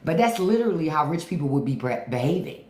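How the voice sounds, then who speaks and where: A woman hosting a livestream, commenting in an animated, profane, rhetorical way. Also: deep voice, fast. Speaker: podcast host. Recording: roomy echo.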